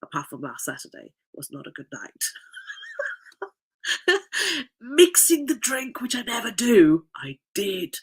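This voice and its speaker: A woman's voice: mid-range voice, sing-song, measured pace, long pauses, breathy edge. A woman life coach in casual podcast chat, nasal and congested from a cough, rambling and laughing often.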